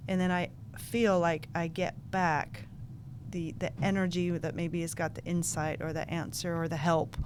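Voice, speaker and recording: A woman hosting a spiritual talk, speaking softly and hesitantly as she searches for words. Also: lowish voice, level tone, normal speed, a little hiss or hum. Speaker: host. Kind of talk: casual spiritual chat.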